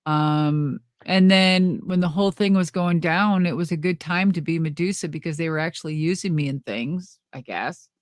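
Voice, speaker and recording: A woman's voice: lowish voice, moderate pace, few pauses, dry recording, studio quality. A middle-aged woman telling a backstage story in a casual interview, rambling and laughing often as she acts out what people said. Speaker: interview guest.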